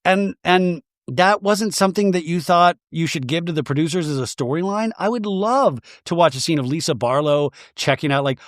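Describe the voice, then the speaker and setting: A man hosting a comedic reality TV recap, sarcastic and animated. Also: fairly high pitch, moderate pace, hardly any pauses, no room sound, studio quality. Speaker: podcast host.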